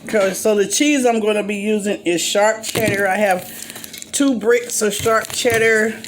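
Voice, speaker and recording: An older woman cooks and chats cozily through a step-by-step demo on her home cooking show. She speaks at normal speed in a steady, mid-range voice, with slight background noise and the clatter of pots and cutlery.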